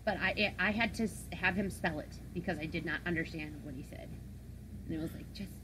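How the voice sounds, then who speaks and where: Podcast co-host lady, dry teasing tone, kinda low voice. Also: brisk, a crowd in the background, rough recording. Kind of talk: casual podcast chat. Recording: faint background noise.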